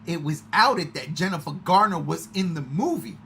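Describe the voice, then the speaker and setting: A man co-hosting a podcast, chatting excitedly about a movie with frequent swearing and loud outbursts. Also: on the high side, moderate pace, vocal fry, a little hiss or hum. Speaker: podcast co-host. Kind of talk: excited casual movie chat.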